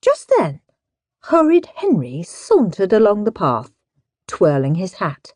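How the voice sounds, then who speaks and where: A woman narrating a children's audiobook in an expressive way, acting out the characters. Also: on the low side, measured pace, no echo, studio quality. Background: background music.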